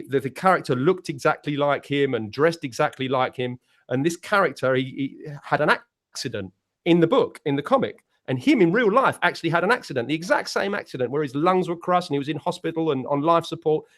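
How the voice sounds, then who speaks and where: A man from the United Kingdom with an English accent, telling long rambling stories in a casual panel chat, often restarting his sentences. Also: on the high side. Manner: rambling storytelling with many restarts. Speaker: panel guest, musician.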